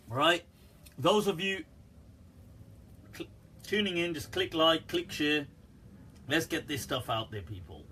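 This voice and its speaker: Man, casual livestream Q&A, joking, laughs often, bright tone, husky, a bit high. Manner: chatty and joking, laughs often, says "right" and "people". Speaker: Islamic scholar answering questions.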